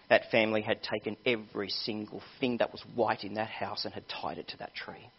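A man's voice: mid-range voice, slightly rough. A male pastor preaching a sermon, telling a story with earnest appeals to his listeners. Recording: dull lo-fi sermon recording.

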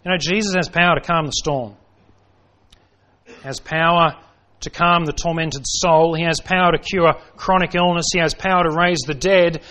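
A man's voice: fairly high pitch, fairly even intonation, moderate pace, sharp tone. Man preaching a dramatic sermon. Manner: dramatic preaching, rhetorical questions, acts out quoted voices. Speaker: pastor.

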